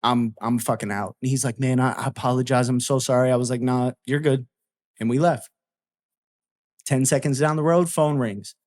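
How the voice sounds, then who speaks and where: A man's voice: medium pitch, normal speed, a little mellow. A man telling a story in casual chat, swearing freely and acting out both sides of a heated argument.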